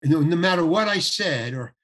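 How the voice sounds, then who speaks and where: An older man, a guest actor, telling a story in a podcast interview, acting out the people he quotes and stumbling over restarts. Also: fairly high pitch. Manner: animated anecdote with acted-out quotes, halting restarts.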